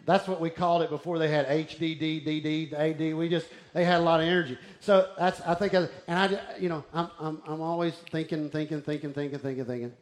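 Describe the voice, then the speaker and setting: A man's voice: on the high side, steady tone, fairly quick, few pauses. A man preaching a sermon, telling stories with energy and often dropping his voice to near-whispers. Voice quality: bald-headed preacher, restless and wired up. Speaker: pastor.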